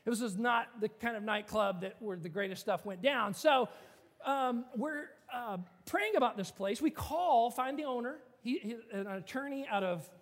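High-voiced pastor in a reverberant hall. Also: male voice, moderate pace. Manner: animated, conversational, many filler "like"s. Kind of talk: storytelling sermon.

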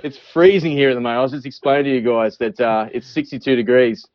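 A man's voice: mid-range voice, fast, no echo, muffled recording. A man with an Australian accent calling in as a podcast guest, joking, swearing and laughing often. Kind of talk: casual call-in chat.

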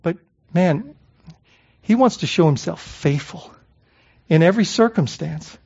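The male pastor's fairly high voice is gravelly and husky yet a little mellow, animated but unhurried. Preaching in a conversational style, he poses rhetorical questions to the congregation and repeats words as he gropes for phrasing. It's a dull lo-fi recording.

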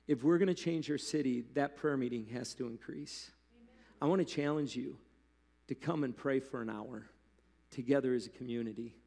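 A man preaching a sermon as pastor, talking to the congregation in a loose, animated way with asides. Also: mid-range voice, creaky. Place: church hall. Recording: long hall reverb.

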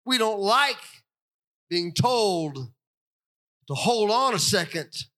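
An older man preaching a sermon, animated and storytelling, acting out the voices he quotes. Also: high voice, slow pace. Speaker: pastor.

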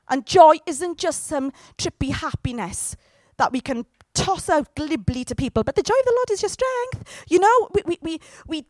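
A woman preaching a sermon, speaking lively and directly and often asking her listeners questions. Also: high-pitched, no echo.

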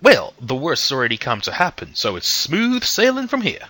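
A man's voice: on the high side, huge pitch swings, moderate pace, pushed and bright, no echo, voice pushed up, exaggerated voice. A man voicing a cheerful, unflappable silver-haired older man with a pleasant, folksy manner. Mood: breezy.

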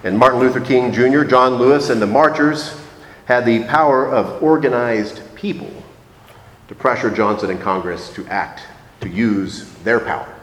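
Homme prêchant un sermon mesuré dans une église qui résonne. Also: male voice, medium pitch, fairly bright tone. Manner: measured, reflective, slows for emphasis. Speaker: preacher. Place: church sanctuary. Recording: echoey church hall.

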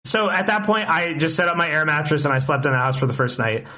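A man's voice: on the high side, lively intonation, quick pace, bright, forceful tone. A young man telling a long story in casual chat, rambling with many restarts and frequent swearing.

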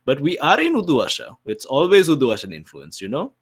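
A man's voice: medium pitch, wildly swooping pitch, brisk, husky, full character voice. A man playing a cheeky young son who rambles and talks with lots of fillers. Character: young adult son, smooth-talking and cheeky.

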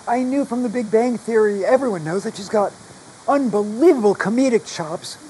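A man's extremely high, darkish voice, damaged by long covid, carries his chatty, self-deprecating stories as a guest author in live conversation. The recording is rough, with a bit of hiss or hum.

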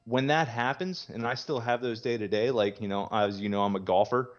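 This young man, a guest in recovery, speaks briskly in a steady mid-range voice, recounting his story in a loose, candid way packed with "you know" and casual profanity. The lo-fi recording sounds muffled.

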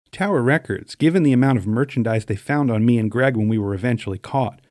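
A middle-aged man from Staten Island, New York, narrating his memoir in a dry, wry, deadpan way. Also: medium pitch, no echo.

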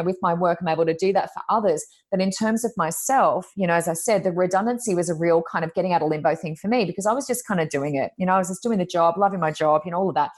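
A woman, a psychic medium, chatting in an interview with many fillers, acting out what people said. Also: on the low side. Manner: chatty, lots of "you know" fillers, acts out quotes. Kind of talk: casual interview storytelling.

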